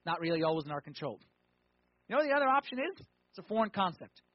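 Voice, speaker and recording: Husky-voiced preacher with twang. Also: male voice, sits high, very animated, quick pace, no room sound, dull audio. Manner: conversational preaching, rhetorical questions, swings from loud emphasis to quiet. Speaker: pastor. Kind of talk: sermon.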